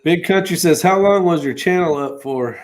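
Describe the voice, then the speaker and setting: A man's voice: on the high side, normal speed, low-quality recording. A man with a slightly raised voice hosts a casual live stream. He greets callers by name and reads chat comments aloud in an easygoing way.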